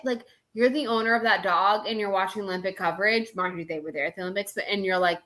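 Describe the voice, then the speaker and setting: A woman co-hosting a casual chat show, talking in a gushing, animated way. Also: mid-range voice, fast. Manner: gushing and animated, frequent laughs. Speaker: co-host.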